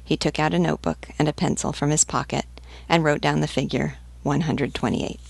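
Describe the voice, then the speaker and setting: Low gravelly woman narrating. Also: fairly even intonation, brisk, dry recording. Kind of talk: audiobook narration.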